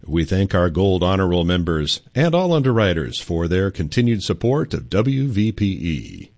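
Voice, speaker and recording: A man reading underwriting credits for a radio station in a steady, formal way. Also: deep voice, normal speed, creaky. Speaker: station announcer.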